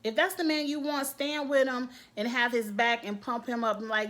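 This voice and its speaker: Woman, 30s, animated casual show reviewer, slightly high voice. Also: normal speed, few pauses. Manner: animated, opinionated, mimics people in quotes. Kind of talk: casual reality show recap.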